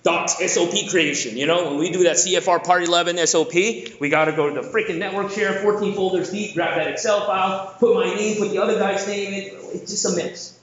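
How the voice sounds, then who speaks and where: A man from the Philippines giving an energetic, jokey conference keynote, often asking the audience questions. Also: sits high, fairly quick, hardly any pauses. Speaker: keynote speaker. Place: large conference hall. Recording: echoey hall, dull lo-fi sound.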